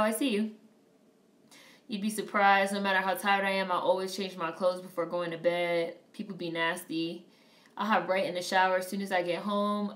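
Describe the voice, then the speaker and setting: A woman's voice: mid-range voice, far from the mic. A blunt woman streaming live from across a roomy space. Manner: blunt, profane and animated. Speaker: live streamer reacting to a film. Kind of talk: casual live-stream chat, reading viewer comments aloud. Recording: roomy, off-mic sound.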